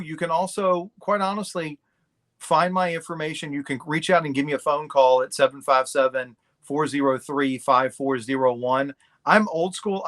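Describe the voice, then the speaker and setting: A man's voice: medium pitch, fairly bright tone. A middle-aged man talking candidly and bluntly as a guest in a casual interview. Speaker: podcast guest.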